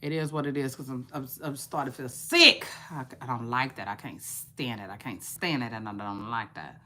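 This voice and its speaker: A woman's voice: very deep voice, normal speed, bright, forceful tone. A woman vlogger chatting casually about celebrity gossip, repeating phrases and drawling her asides.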